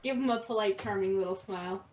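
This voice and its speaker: A woman's voice: medium pitch, fast, a little mellow, far from the mic, a little hiss or hum. A woman playing a character in a tabletop game, playful and giggly. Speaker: player.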